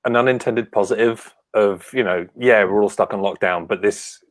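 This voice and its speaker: Lowish in voice and speaking at normal speed without echo, a man co-hosts a casual podcast chat. He's an animated storyteller who acts out lots of quotes.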